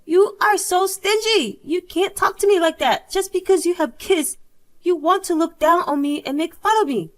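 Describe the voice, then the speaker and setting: A woman's voice: very high voice, normal speed, pitched above the performer's own voice. A woman's voice, probably synthetic, reading the lines of a pushy, self-centered young woman in a drama story. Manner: demanding, huffy.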